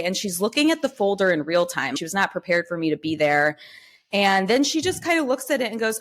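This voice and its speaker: A woman in her thirties, a podcast guest, telling a personal story in casual conversation and acting out the people she quotes. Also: moderate pace. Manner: animated, acts out quoted dialogue with lifted pitch.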